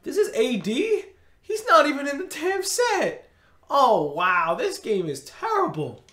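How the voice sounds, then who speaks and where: Male gaming creator, slow exasperated ranting commentary with big pitch swings, roomy echo. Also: sing-song, a bit bright. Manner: exasperated, ranting, frequent groans and sighs. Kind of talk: video game pack opening commentary. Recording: roomy echoey recording.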